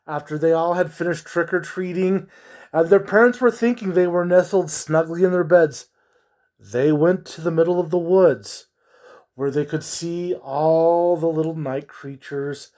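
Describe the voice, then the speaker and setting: Slow, hushed spooky storyteller, a man. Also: high-pitched. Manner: slow, drawn-out, hushed dramatic delivery.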